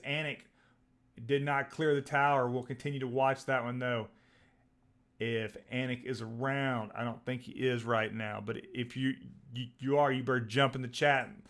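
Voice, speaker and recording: Texas-born male stream host, excitable and rambling, live stock trading commentary. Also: medium pitch. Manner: rambling, excitable, reads out tickers.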